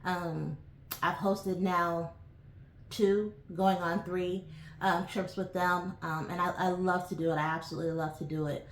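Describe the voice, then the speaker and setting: A woman's voice: lowish voice, flat delivery, measured pace, slight background noise. Chatty woman vlogger in an echoey room. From New York. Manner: chatty, rambling, with frequent "um"s and asides. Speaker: YouTube channel host. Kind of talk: casual chat to camera.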